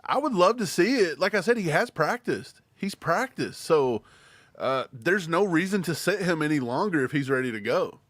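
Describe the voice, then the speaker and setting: A man's voice: fairly high pitch, very animated, normal speed, fairly bright tone, no echo. A man co-hosting a live sports fan stream, easygoing and teasing. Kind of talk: casual live-stream chat.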